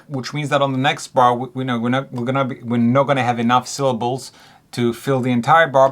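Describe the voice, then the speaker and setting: A man teaching songwriting in a relaxed way, counting beats aloud and singing short examples. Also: mid-range voice. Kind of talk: music lesson.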